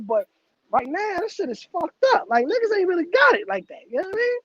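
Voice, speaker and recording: A man's voice: extremely high pitch, big pitch swings, quick pace. A man hosting a casual online chat, talking loosely and profanely and laughing often. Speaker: host. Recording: dull lo-fi dry sound.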